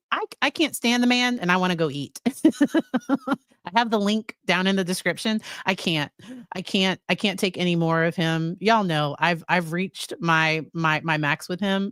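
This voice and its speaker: A woman's voice: fairly low pitch, a bit bright, clear, resonant tone, no echo, clean studio sound. A woman psychologist hosting a casual live stream, chatting with her viewers about a trial. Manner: chatty, addresses her live chat directly.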